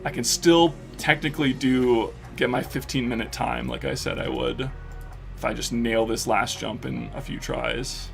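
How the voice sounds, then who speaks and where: A man streaming live and chatting casually while he plays a game, rambling excitedly with lots of swearing and fillers. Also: medium pitch, normal speed, vocal fry, faint music behind.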